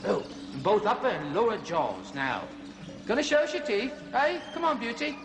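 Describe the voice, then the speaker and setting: An eccentric middle-aged zoo host on a comic kids' show, chatty and overly polite, forever exclaiming at his animals. His voice sits high and swoops up and down, with music playing behind him. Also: sing-song, normal speed.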